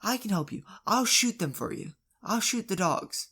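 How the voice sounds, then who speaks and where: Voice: medium pitch, sing-song, normal speed, pushed and bright, breathy edge, voice pushed up, full character voice. A young storyteller voicing a cranky, blunt older woman neighbor who nags in a raised voice. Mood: irritated. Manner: raised, insistent, nagging voice.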